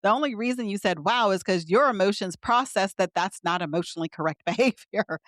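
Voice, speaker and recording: A woman's voice: mid-range voice, fairly quick, a bit bright, no room sound, studio quality. A middle-aged woman, a physician guest, explaining ideas earnestly in conversation with light laughs. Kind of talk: conversational interview.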